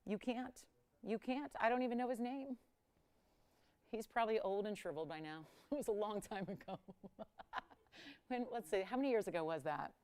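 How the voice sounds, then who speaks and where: Hosting a live jewelry shopping auction, a woman chats casually with viewers and crew, laughing often. She speaks at a normal speed with long pauses, and her pitch and volume swing lively.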